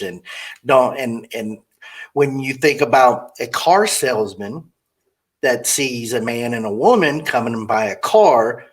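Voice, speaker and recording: A slightly rough, mid-range male voice hosts a podcast interview with a car saleswoman, rambling and blunt with candid opinions. He often acts out quoted customers in different voices during the casual chat.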